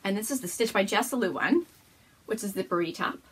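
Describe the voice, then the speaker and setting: A woman's voice: mid-range voice, expressive, brisk, slight background noise. A woman hosting a casual show-and-tell episode at home, gushing and bubbly, often laughing as she talks. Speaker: podcast host.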